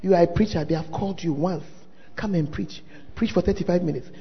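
A man preaching a sermon as pastor, animated, with sudden shouted exclamations. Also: high-pitched, fairly quick, husky. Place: large church hall. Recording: dull sound with long hall reverb. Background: faint congregation.

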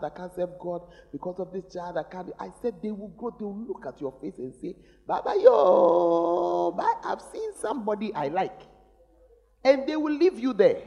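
A middle-aged male pastor preaching a sermon, teasing the congregation with sudden shouts. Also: a little high, dull audio. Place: large church. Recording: long reverb of a large church hall.

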